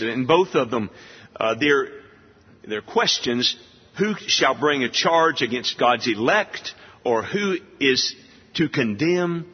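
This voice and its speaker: Emphatic preacher in a reverberant hall. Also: male voice, medium pitch, slightly rough. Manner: emphatic, rhetorical questions, deliberate. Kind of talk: expository sermon. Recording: dull lo-fi audio with long hall reverb.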